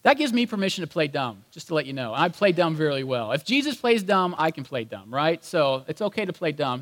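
A man preaching a sermon in a conversational, animated way, acting out the voices of people in the story. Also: high voice, brisk, hardly any pauses, long reverb tail. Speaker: pastor.

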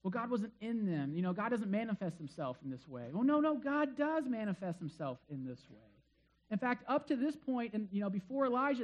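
A preacher with a medium-pitched voice gives a casual, conversational sermon, peppering listeners with rhetorical questions and slipping in playful jokes. The recording is rough.

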